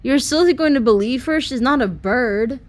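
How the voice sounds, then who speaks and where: A woman's voice: high-pitched, lively intonation, normal speed, voice pushed up. A woman voicing a reluctant, unsure eighteen-year-old girl in an amateur audiobook. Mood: anxious. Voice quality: hesitant, reluctant.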